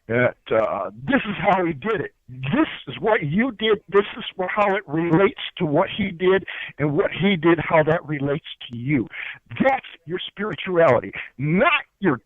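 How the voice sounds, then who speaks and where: A man's voice: on the high side, very animated, measured pace, no room sound. A man as a guest, teaching spiritual ideas in an earnest, preachy way, often repeating words as he searches for them, heard over a phone line. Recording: tinny dry phone line.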